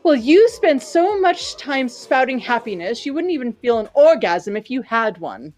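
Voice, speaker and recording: Lady doing a snippy young woman, cutting comebacks, pitched up a bit. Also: sing-song, normal speed, a little mellow. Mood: snide. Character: sharp-tongued young woman, insulting a rival.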